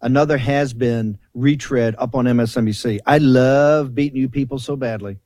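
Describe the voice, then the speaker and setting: A man's voice: medium pitch, moderate pace, dark tone, no room sound. Fiery, taunting male political talk host. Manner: fiery, taunting and emphatic, with repeated rallying phrases. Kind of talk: combative political commentary.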